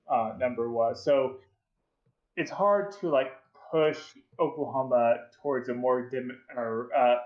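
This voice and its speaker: A man from the United States hosting a casual chat, hesitant and stammering, full of fillers. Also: mid-range voice. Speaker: host. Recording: roomy, dull lo-fi mic.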